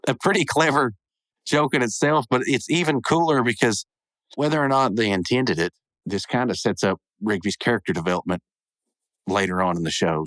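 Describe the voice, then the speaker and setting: A man's voice: on the low side, a bit bright, no room sound. Rambling man recapping a cartoon. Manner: rambling, chuckling asides. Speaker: podcast host. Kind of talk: casual episode recap.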